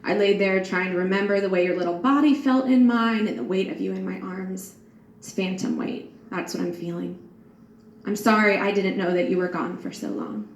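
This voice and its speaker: A woman in her thirties, a grieving mother, reading a personal prayer journal aloud in a soft, earnest and reflective way. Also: medium pitch. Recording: echoey room with faint background hiss.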